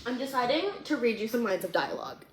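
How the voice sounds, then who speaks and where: With a quick, sing-song delivery, a woman talks casually about the young adult novel she wrote, reading bits aloud and saying "like" over and over. She's a vlogger whose voice is a little high and a bit bright. There's some hiss or hum, an echoey room sound, and faint ambience.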